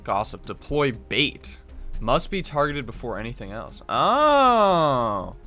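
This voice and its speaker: A man's voice: mid-range voice, normal speed, bright, forceful tone, soft background music. Man streaming a card game, thinking aloud. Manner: thinks aloud, reads card text, self-correcting. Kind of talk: live gameplay commentary.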